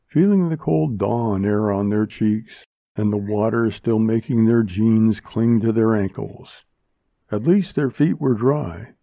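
A man reads a story aloud in a slow, measured voice that sits low. The sound is thin and tinny like a phone line, and dry with no room around it. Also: no echo. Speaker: narrator. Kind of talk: audiobook reading.

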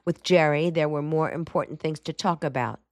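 Here a woman narrating an audiobook reads from a novel in a calm, steady storytelling style. Her voice is low-pitched, and the clean studio sound has no echo; it's scripted narration.

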